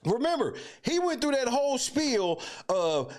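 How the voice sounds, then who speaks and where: A man with a high, lively voice that leaps up and down as he mocks what he watches. His commentary is loud, full of swearing and street slang, and delivered as a live stream host reacting to clips. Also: a little slow, hardly any pauses.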